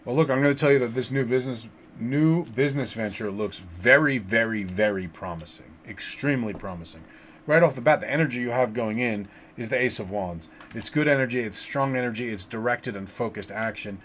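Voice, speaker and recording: A man in the middle of his voice range hosts a casual livestream tarot reading from his desk. He chats loosely, repeats himself and fills pauses with "um" and "uh". A faint hum of room ambience sits behind him. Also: medium pitch. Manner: relaxed and chatty, with many fillers and repeated words. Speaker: tarot reader hosting a livestream.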